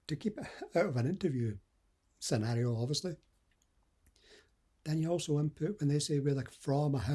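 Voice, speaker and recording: A man's voice: a little high, dark tone, husky. A middle-aged man from the west coast of Scotland, giving earnest, conversational dating advice as a coach. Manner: earnest, conversational, acts out example dialogue. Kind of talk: motivational advice talk.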